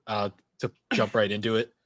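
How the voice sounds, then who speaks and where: A man's voice: fairly low pitch, little pitch movement, normal speed, a bit bright. A man hosting a casual gaming podcast, talking steadily and reviewing games point by point. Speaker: podcast host.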